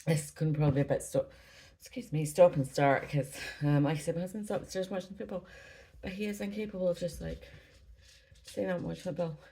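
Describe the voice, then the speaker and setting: A woman's voice: lowish voice, a little fast, creaky, warm tone, rough recording. A Scottish woman at home, chatting casually about her stitching projects, rambling and often apologizing, a little out of breath. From Scotland. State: slightly out of breath. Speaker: cross-stitch vlogger. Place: at home indoors.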